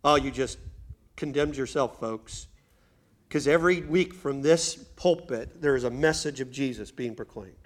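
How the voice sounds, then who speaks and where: A man's voice: mid-range voice, unhurried. A male pastor preaching a sermon in a church, building to emphatic bursts and speaking straight to the congregation. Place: church sanctuary.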